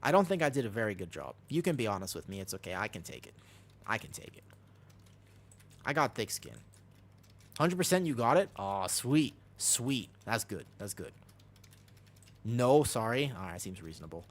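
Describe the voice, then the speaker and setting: A young man chats casually while streaming a game, rambling and joking at his own expense. His pitch swings up and down, and he breaks off for quick game calls. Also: very animated. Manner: rambling, self-deprecating, chatty while giving game calls. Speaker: streamer playing a tank. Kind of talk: casual chat while gaming.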